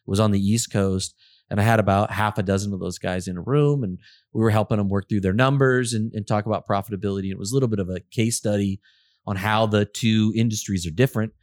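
A man's voice: fairly low pitch, fairly even intonation, quick pace, a little mellow, dry recording, clean studio sound. A middle-aged man co-hosting a casual podcast, talking in a rambling way with many restarts. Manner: rambling, full of restarts and fillers. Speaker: podcast co-host, auto service consultant.

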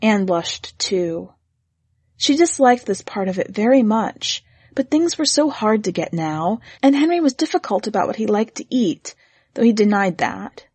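Female narrator, measured and gently expressive, slightly husky tone, dry booth sound. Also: medium pitch, no echo. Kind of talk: scripted story reading.

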